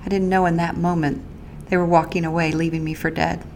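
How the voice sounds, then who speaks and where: As a podcast host, a woman with a somewhat low voice tells her own personal story earnestly and haltingly, pausing and restarting as she recalls each moment, and speaks openly about prayer and faith. Her voice has little pitch movement and is a little mellow, with slight background noise.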